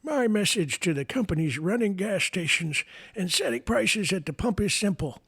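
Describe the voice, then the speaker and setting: A man doing an impression of a grumpy elderly male president, in a high, strained old-man voice. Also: creaky, a bit bright, slightly rough, exaggerated voice.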